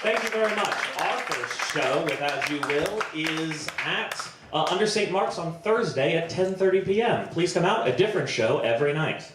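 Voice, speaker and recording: A man performing improvised comedy on stage, chatty and self-deprecating, often pausing with ums. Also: on the high side, expressive, heavy reverb, heavy background noise. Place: festival stage before a live audience.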